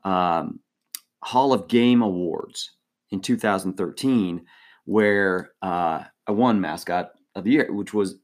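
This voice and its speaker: A man co-hosting a podcast, telling a story in a casual, animated way, laughing often and full of fillers and restarts. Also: sits low, slow. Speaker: former team mascot, podcast co-host.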